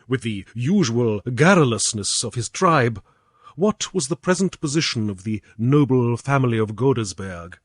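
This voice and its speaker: A British man narrating an old tale in a measured, expressive reading. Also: mid-range voice, slightly rough, dry recording, clean studio sound. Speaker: audiobook reader. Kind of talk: storybook narration.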